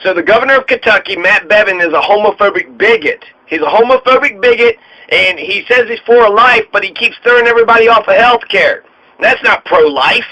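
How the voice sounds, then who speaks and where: A man with a high, bright, forceful voice rants sarcastically through a political commentary, hammering his points with mocking repetition. The audio is dull and lo-fi. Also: lively intonation, brisk. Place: home studio in Colorado.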